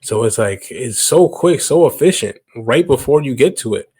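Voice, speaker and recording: A man's voice: mid-range voice, expressive, moderate pace, a little mellow, breathy edge. A young man from Canada hosting a reaction video, talking casually and emphatically, often repeating himself for stress. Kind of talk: casual commentary.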